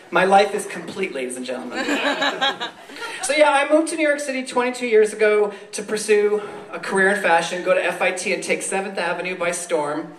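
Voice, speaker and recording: A man in his forties from the Boston area doing a stand-up set, campy and animated, laughing at his own jokes. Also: high-pitched, normal speed. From Boston area, USA. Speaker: stand-up comedian. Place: comedy club stage. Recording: echoey club room, distant.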